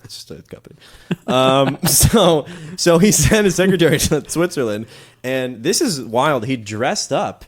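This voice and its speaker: A man co-hosting a comedy history podcast, telling the tale in loose, casual chat. His pitch swings widely as he goes, and he laughs often and drops into goofy voices mid-story. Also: animated, a little slow. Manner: jokey storyteller who laughs often and slips into silly voices. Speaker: podcast co-host.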